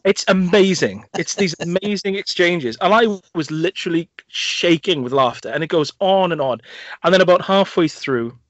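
A young man hosts a film podcast, casually reviewing movies and enthusiastically retelling scenes in a rambling way packed with fillers and restarts. His high voice is expressive and moves at normal speed. The recording is dull, lo-fi, and dry, with no echo.

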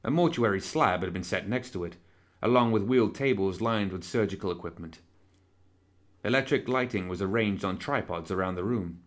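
Narrating a novel for an audiobook, a man speaks in a low, steady voice. He moves through descriptive passages at an even pace, keeping his tone measured from start to finish.

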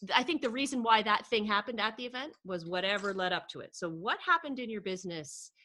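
A woman's voice: medium pitch, expressive, fast, bright, forceful tone. A woman hosting a podcast, asking questions and encouraging her guest in casual chat. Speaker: podcast host.

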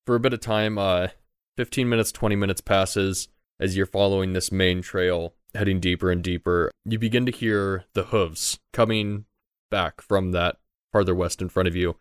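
A man narrating as game master, relaxed and full of fillers. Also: sits low, moderate pace, clean tone, no echo, studio quality.

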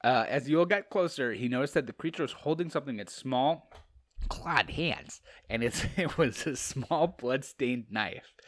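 A man's voice: medium pitch, animated, moderate pace. A man hosting a podcast, casually reading aloud and commenting with profanity and frequent laughter. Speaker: podcast host. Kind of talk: comedic read-along with commentary.

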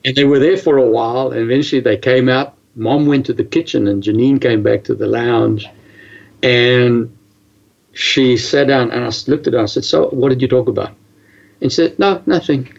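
A man tells a personal story in a casual, animated way, often stumbling and restarting his sentences. His voice has a gravelly edge. The recording sounds slightly dull and lo-fi. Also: medium pitch. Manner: animated, halting with many restarts. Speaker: guest telling his story.

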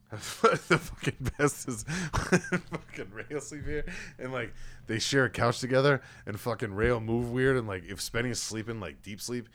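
A podcast host tells rambling, profane stories with laughs in a casual chat. His mid-range voice is a bit bright and unhurried.

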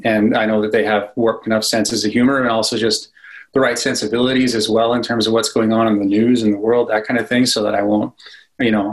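Rambling self-deprecating man, halting chat. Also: medium pitch, low-quality recording. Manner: self-deprecating, rambling with many fillers and restarts. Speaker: cartoonist guest. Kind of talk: casual podcast interview.

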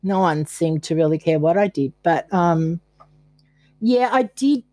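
An older Australian woman, appearing as a podcast guest, tells her own story candidly and mocks herself while quoting what she used to think. Her voice is lowish, expressive, slightly mellow and unhurried, with no room sound.

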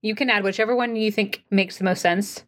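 A woman's voice: medium pitch, steady tone, fairly quick, a bit bright. Casual woman running a tabletop game. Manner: casual, filler-heavy narration. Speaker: game master. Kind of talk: narrating a tabletop role-playing game.

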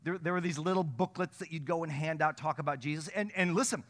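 Man preaching in church, kinda high voice, gets loud and excited then drops down quick. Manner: animated preaching with sudden loud peaks and quick asides. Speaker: pastor. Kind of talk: sermon.

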